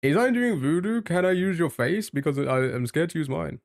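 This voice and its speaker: A man's voice: on the high side, moderate pace, vocal fry, no echo, clean studio sound. A man from the United Kingdom, streaming and chatting casually, thinking aloud while he guesses and jokes with his chat. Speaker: live streamer.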